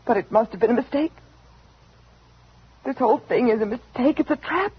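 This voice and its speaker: An actress playing a frightened heroine in a 1940s radio drama, breathy, anxious and pleading. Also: female voice, fairly high pitch, lively intonation, normal speed. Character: frightened woman heroine in panic. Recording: dull lo-fi vintage radio recording.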